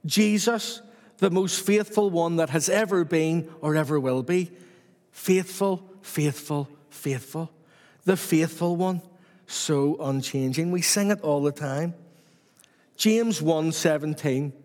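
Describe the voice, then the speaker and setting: A man's voice: a little high, slow, a little mellow, in a large hall. A man preaching a sermon to his church with repetitive, rhythmic emphasis.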